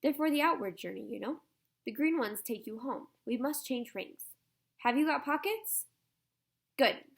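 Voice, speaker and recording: Woman reader as excitable storybook boy; raised, bright, slightly gravelly. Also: sits high, a little slow, voice pushed up, full character voice. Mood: explaining. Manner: lively, excitable. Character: curious eager English schoolboy. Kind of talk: audiobook character reading.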